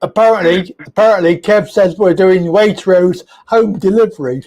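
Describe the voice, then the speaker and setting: High-voiced, laughing phone-in host. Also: male voice, moderate pace, darkish tone. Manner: laughs often, jokey and teasing. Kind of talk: comedy phone-in banter.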